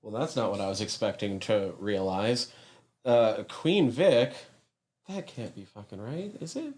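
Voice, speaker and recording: A low-voiced man in casual podcast chat as co-host. He is relaxed, laughs easily and pauses with plenty of fillers.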